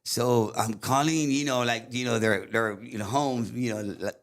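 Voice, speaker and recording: A man's voice: mid-range voice, fairly even intonation, moderate pace. A middle-aged man with a Tejano accent, telling a painful personal story in rambling English mixed with Spanish, full of fillers. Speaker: guest recounting a story.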